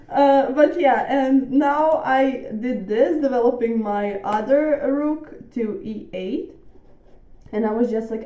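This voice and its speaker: A woman hosting a chess channel, giving a chatty, excitable recap of her game. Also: on the high side, takes it slowly. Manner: excitable, chatty, animated self-quoting. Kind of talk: casual game commentary. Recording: echoey room.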